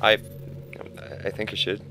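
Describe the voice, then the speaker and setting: A man's voice: unhurried, sharp tone, soft background music. A man giving casual commentary over a game playthrough, hesitant, with many fillers and restarts. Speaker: game player.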